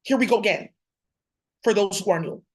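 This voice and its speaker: A woman's voice: medium pitch, brisk. A woman vlogging straight to camera in a heated, profane, confrontational rant.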